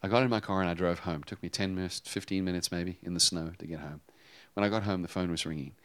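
A man preaching a sermon, telling a personal story with animated swings between loud emphasis and hushed tones. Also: deep voice, fast, clear, resonant tone. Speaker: pastor.

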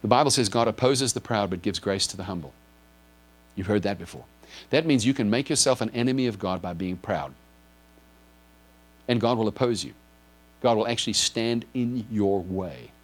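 An earnest male pastor delivering a sermon, his voice sitting on the lower side. He keeps turning to his listeners with direct questions and checks that they follow along. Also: lively intonation, moderate pace, pauses often. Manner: explains with a drawn board, asks if listeners follow.

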